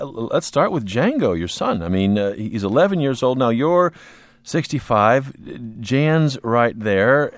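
A man hosting an interview, asking questions in a measured, conversational way. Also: medium pitch, dry recording. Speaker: interview host. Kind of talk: broadcast interview.

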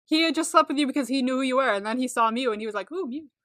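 Woman, podcast co-host, casual recap chat, high voice, laughs a lot, swears. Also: rapid-fire, a bit bright. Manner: laughs often, swears, exclaims reactions.

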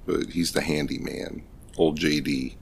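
Very deep gravelly deadpan man. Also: measured pace. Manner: dry, deadpan jokes. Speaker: podcast co-host. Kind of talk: casual film-review chat.

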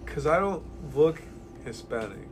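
A man's voice: on the high side, lively intonation, unhurried, slight background noise. A man in a casual chat in a comic shop, blunt and opinionated, swearing freely. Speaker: guest, comic maker.

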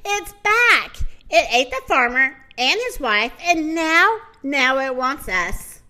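A woman doing a loud, bragging rooster. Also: high-pitched, big pitch swings, takes it slowly, full character voice. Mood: boastful alarm. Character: boastful, panicky male rooster.

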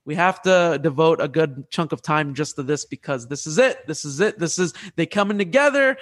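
A male podcast host telling sports stories in an animated, excitable way, often restarting his sentences. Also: fairly high pitch, moderate pace. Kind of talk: casual sports chat and storytelling.

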